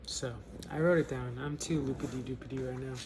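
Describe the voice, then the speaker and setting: A man's voice: medium pitch, steady tone, brisk, noisy background. A man hosting a casual book club vlog, rambling, joking and interrupting himself before reading a story. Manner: loose, joking, self-interrupting.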